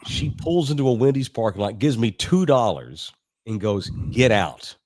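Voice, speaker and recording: A middle-aged man from Texas, co-hosting a sports podcast, telling childhood stories in a profane, animated, laughing way. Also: mid-range voice, moderate pace, no room sound, studio quality. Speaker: sports radio co-host. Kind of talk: casual podcast storytelling.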